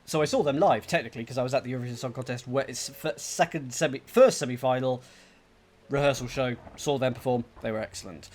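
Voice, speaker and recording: A man's voice: medium pitch, fast talker, a little mellow. A man hosting a let's play, thinking aloud, muttering to himself and reading out game text. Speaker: gaming channel host.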